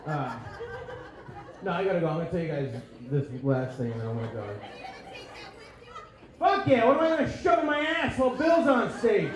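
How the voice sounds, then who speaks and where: Man, stand-up comic, brash and profane, high-pitched voice, very echoey club, crowd murmur behind. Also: animated, a little fast, pauses often. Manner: brash, profane, laughing at own jokes. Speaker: stand-up comedian. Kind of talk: crude stand-up set. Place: comedy club stage.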